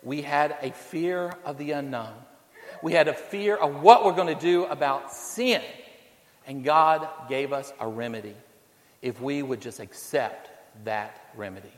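A male preacher giving a sermon, shifting between quiet pleas and rising storytelling, sometimes repeating words as he searches for the phrase. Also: on the high side, unhurried. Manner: builds to loud storytelling, then drops quiet. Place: church sanctuary. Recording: long hall reverb.

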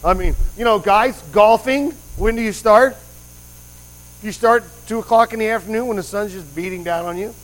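Chatty male preacher, slightly high voice. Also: normal speed, low-quality recording. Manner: conversational, quizzes the congregation with questions; rambling with frequent restarts and asides. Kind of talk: sermon.

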